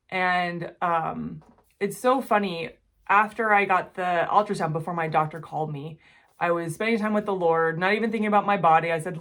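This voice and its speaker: A woman in her forties telling a personal story to the camera, earnest and emotional, often speaking quietly. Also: lowish voice, moderate pace. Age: 40s. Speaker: jewelry-making channel host.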